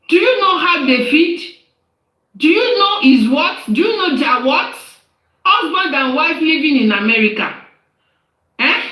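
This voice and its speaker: A woman delivers an angry rant on a live stream, scolding someone with rhetorical questions and repeated phrases. Her voice is high and swoops widely. The room sounds echoey. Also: a bit bright.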